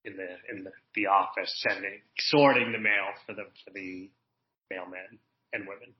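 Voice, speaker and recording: A man's voice: sits low, steady tone, normal speed, lo-fi sound. A man chatting casually as a podcast guest, rambling with many restarts and fillers. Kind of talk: casual chat.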